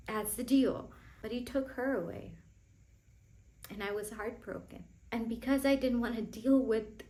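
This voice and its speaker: A young woman vlogger telling a painful personal story, emotional and halting, with frequent restarts. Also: medium pitch, low-quality recording.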